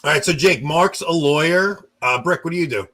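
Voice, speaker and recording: A man's voice: fairly high pitch, a little fast, a bit bright. A man from New York hosting a casual podcast, telling rambling stories and laughing often. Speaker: podcast host.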